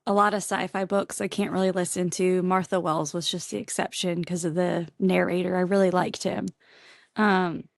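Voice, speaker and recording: A woman's voice: fairly low pitch, dry recording, clean studio sound. A woman who runs a bookstore, chatting on a podcast as a guest and laughing often. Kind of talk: casual podcast chat.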